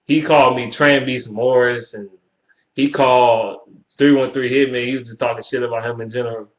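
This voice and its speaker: A man rants straight into the camera about a rival team, profane and cocky. He keeps breaking into high, mocking sing-song taunts. The sound is dull and lo-fi, with a roomy echo around his voice. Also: steady tone, moderate pace. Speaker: sports fan vlogger. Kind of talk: ranting fan response video. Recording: echoey room, dull lo-fi sound.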